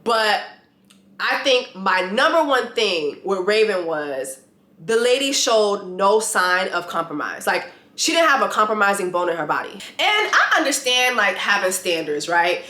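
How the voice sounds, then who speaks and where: A woman vlogging a blunt, animated rant with free swearing, reviewing a reality show. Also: medium pitch, unhurried, echoey room. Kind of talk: casual opinionated vlog rant. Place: lives in Atlanta.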